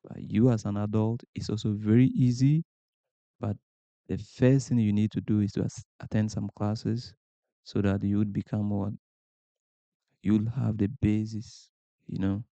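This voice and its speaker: Low, gravelly man with a dark tone. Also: little pitch movement, a little slow, no room sound, dull audio. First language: not English. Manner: asks rhetorical questions and answers them himself. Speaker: language learning podcast host. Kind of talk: informal advice talk to camera.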